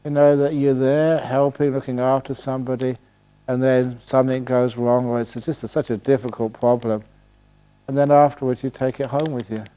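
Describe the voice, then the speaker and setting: A man, a Buddhist monk, giving a relaxed dharma talk at a retreat, telling stories and answering questions with playful humor. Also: mid-range voice, clean tone. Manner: storytelling, playful, slows voice to demonstrate calm. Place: retreat hall.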